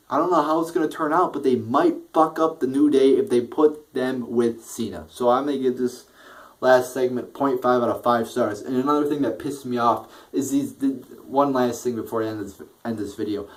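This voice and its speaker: A young man giving a casual, profane rant reviewing a wrestling show, often restarting his sentences and getting worked up. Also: medium pitch. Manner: profane, frustrated ranting with frequent restarts.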